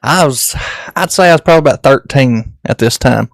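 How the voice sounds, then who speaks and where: A man's voice: mid-range voice, a little fast, creaky, dry recording. A man, an easygoing podcast host chatting and asking folksy questions. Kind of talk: casual chat.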